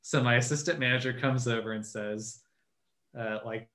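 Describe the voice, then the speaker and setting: A man's voice: mid-range voice, steady tone, normal speed, bright, forceful tone. A man co-hosting a casual chat show, easygoing and trailing off as he tells a story. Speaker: podcast co-host. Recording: echoey room.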